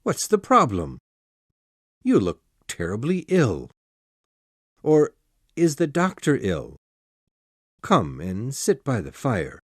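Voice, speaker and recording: A woman voicing a steady, reassuring middle-aged male lawyer in an audiobook, in a lowered, measured voice. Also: breathy edge, no echo, studio quality, heavily acted. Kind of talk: audiobook character voice.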